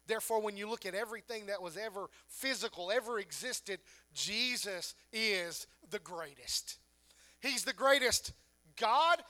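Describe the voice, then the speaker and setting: A man's voice: very high-pitched, sharp tone. A pastor preaching a sermon to his congregation, asking emphatic rhetorical questions.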